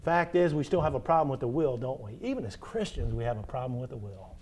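A man preaching a sermon as pastor, stressing points with rhetorical questions and swinging from loud emphasis to drawn-out soft endings. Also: mid-range voice, expressive.

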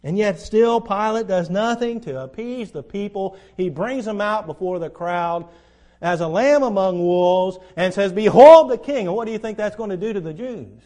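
A man's voice: high-pitched, normal speed, a little mellow. A man preaching a verse-by-verse Bible lesson in a conversational way, asking his listeners questions and acting out the quoted lines.

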